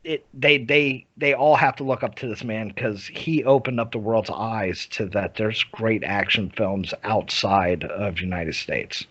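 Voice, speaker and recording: A man's voice: on the low side, unhurried, few pauses, a bit bright, breathy edge. A man co-hosting a film podcast, talking casually and enthusiastically with frequent restarts and the odd curse. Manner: enthusiastic, profane, hesitant with many restarts. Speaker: podcast co-host. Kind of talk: casual film review chat. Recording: dull lo-fi sound.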